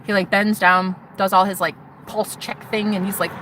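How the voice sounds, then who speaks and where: A young woman telling a personal story to her viewers in an animated, swearing way, acting out what others said. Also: mid-range voice, a little fast, few pauses, background noise. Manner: animated, swearing, acts out quotes. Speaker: vlogger. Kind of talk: storytelling testimony.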